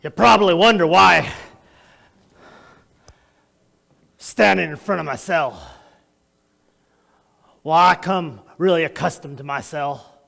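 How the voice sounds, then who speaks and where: A man's voice: a little high, vocal fry, a bit bright. A man acting a notorious, boastful male criminal in a theatrical monologue, addressing the audience directly. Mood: boastful, manic. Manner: boastful, erratic, talks straight to the audience. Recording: long echoey hall reverb.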